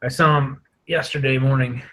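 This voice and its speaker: A man's voice: mid-range voice, steady tone, normal speed, pushed and bright, rough recording. A man hosting a podcast, chatting casually in a rambling, hesitant way with lots of fillers. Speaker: podcast host. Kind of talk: casual chat.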